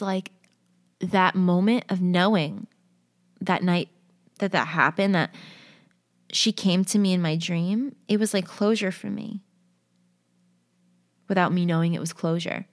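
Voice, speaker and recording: A woman's voice: lowish voice, unhurried, pauses often, dry recording. A young woman telling personal stories and reading others aloud in a casual, conversational way, with frequent fillers. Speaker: storyteller.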